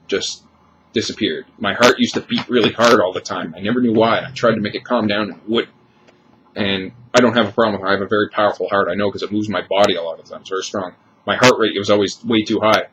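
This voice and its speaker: Low-voiced man in his thirties, confessional. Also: a bit bright, dull audio, slight background noise. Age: 30s. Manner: candid, rambling confessional talk with restarts. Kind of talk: personal vlog monologue.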